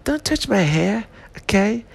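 A man's voice: high-pitched, big pitch swings, a little slow, vocal fry, breathy edge, pitched above the performer's own voice, heavily acted. A drunk man putting on the voice of a vain, touchy male movie star, slurred and rambling.

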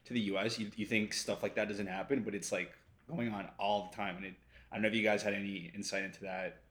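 Low-voiced man from Colombia asking questions. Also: fairly even intonation, fast, a bit bright. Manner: asks questions, hesitant restarts. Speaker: podcast host. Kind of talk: casual podcast conversation.

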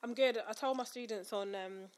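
A woman's voice: fairly high pitch, moderate pace. A young woman, a teacher, chatting casually and acting out her students' voices as she tells stories. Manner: animated storyteller who acts out her students' voices. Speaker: teacher and podcast co-host. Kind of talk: casual chat.

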